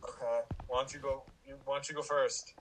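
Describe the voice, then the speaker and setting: A man's voice: mid-range voice, level tone, fairly quick, a bit bright, low-quality recording. A man co-hosting a podcast, teasing and joking in casual chat. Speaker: podcast co-host.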